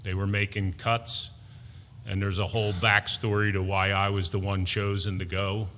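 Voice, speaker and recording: Middle-aged male preacher, bright forceful tone, deliberate sermon delivery, reverberant hall. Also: lowish voice, little pitch movement, a little hiss or hum. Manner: slow, deliberate preaching with emphatic builds.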